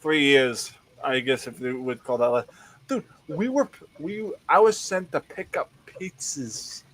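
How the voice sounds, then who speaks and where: A man's voice: mid-range voice, a little slow, a bit bright, rough recording. A man telling a rambling anecdote in casual chat, laughing as he goes.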